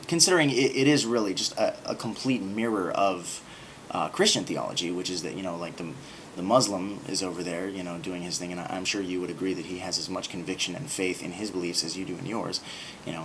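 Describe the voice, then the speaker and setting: Rambling sarcastic man, slightly low voice. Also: steady tone, fast, noisy background. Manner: rambling, sarcastic, full of filler words. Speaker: video blogger. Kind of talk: casual monologue to camera.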